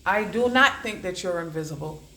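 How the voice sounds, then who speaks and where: A woman giving a channelled oracle card reading. She rambles and repeats words in chanting bursts, swinging between low murmurs and loud declarations. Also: lively intonation, moderate pace, a little hiss or hum. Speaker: psychic oracle card reader. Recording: echoey room.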